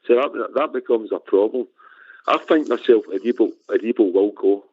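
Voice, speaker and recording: Lower man on a tinny phone. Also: husky, no echo. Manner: measured, lots of you know. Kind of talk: casual phone-in chat.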